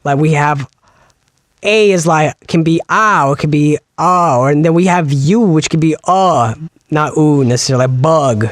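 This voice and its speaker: A man co-hosting a podcast in casual chat, explaining at length and slowing down to spell out sounds. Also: on the high side, no room sound, studio quality. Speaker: podcast co-host.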